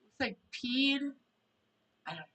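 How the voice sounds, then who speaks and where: A woman's voice: sits high, animated, measured pace, pushed and bright, rough recording. A woman hosting a casual live stream, chatting to viewers and reading their questions aloud. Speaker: tarot reader and live stream host.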